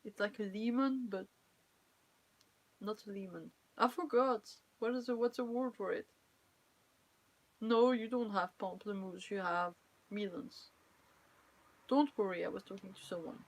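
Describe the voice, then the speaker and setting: Mid-range and a little slow, with long pauses, the voice belongs to a young French woman who streams as a cosplayer. In her French accent she chats casually and playfully, laughing frequently and teasing the people watching.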